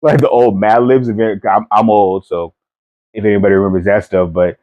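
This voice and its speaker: A man's voice: fairly low pitch, steady tone, fairly quick, narrow, tinny audio. Middle-aged male co-host, casual teasing storyteller with easy laughs. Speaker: podcast co-host, parent. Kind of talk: casual family chat.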